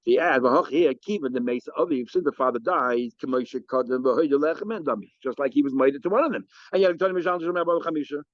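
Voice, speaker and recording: Rabbi guy giving a talmud class, talks quick, dry muffled sound. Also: medium pitch, dry recording. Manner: lively, animated, explains and asks questions. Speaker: rabbi teaching daf yomi.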